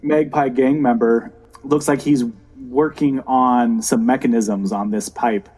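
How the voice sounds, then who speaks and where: A man narrating a tabletop game as dungeon master, pausing often with ums and uhs. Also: mid-range voice, fairly even intonation, a little mellow. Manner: hesitant, many ums and uhs.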